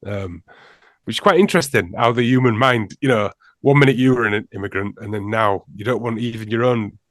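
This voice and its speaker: Guy, mid-pitch, dry close sound, rambling anecdotes in a casual podcast roundtable. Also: brisk, a bit bright, dry recording. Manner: rambling storyteller, laughs often. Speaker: podcast guest.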